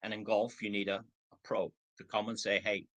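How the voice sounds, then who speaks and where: Older man, 60s, bright tone, motivational trainer on a video call. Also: on the low side, flat delivery, fairly quick, low-quality recording. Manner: acts out prospects' replies in quoted voices. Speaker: network marketing trainer.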